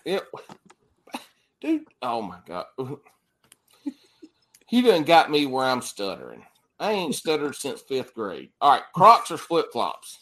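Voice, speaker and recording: A man hosting a podcast, bantering crudely and laughing loudly with his guests. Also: medium pitch, huge pitch swings, takes it slowly, pauses often. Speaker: podcast host. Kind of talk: casual chat.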